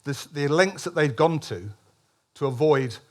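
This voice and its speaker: A man's voice: on the high side, animated, a little slow. A man, a columnist, giving a public speech at a political meeting, emphatic, with frequent restarts and ironic asides.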